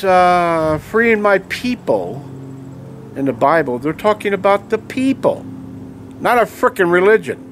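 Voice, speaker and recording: A man rants angrily in a monologue, his voice sitting a little high. He hammers his points with rhetorical questions and clipped "okay?"s. A faint hum of background noise runs beneath him. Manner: ranting, emphatic, repeated "okay?" and rhetorical questions. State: angry. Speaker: video blogger. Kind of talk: angry monologue to camera.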